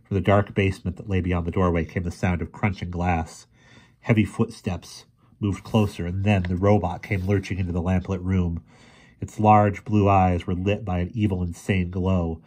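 Deep, husky male storyteller. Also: flat delivery, moderate pace, darkish tone. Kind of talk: reading a novel aloud.

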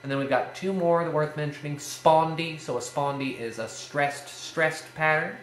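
A man's voice: fairly high pitch, fairly quick. A man hosting a casual lesson on Shakespearean verse, playful and given to jokey asides. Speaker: video series host teaching Shakespeare verse. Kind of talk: casual educational talk. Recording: echoey room with faint ambient noise.

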